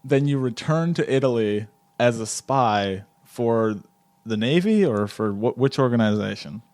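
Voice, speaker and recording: A man's voice: mid-range voice, animated, measured pace, darkish tone. A man hosting an improvised comedy podcast interview, rambling and stammering, often cracking up. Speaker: podcast host.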